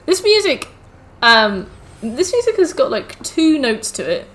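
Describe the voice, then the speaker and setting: Woman streaming a game, high-ish bouncy voice, chatting away to chat n her cats on a headset. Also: big pitch swings, a little slow, a bit bright. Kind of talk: casual live-stream chat while gaming.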